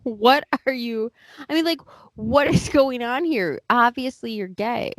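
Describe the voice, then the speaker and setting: A woman co-hosting a podcast in casual chat, animated and incredulous, laughing and swearing. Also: fairly high pitch, measured pace, no echo.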